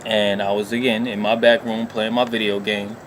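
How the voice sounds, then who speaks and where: A man's voice: fairly low pitch, little pitch movement, moderate pace, slight background noise. A man telling a rambling, profane personal story in a casual vlog, leaning on filler phrases. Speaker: vlogger.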